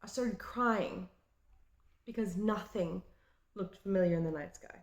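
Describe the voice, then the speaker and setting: A woman from Australia in her late twenties or thirties, with an Australian accent, talking in a halting and reflective way in a personal vlog. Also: medium pitch. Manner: halting and reflective, with frequent restarts. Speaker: vlogger. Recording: roomy echo.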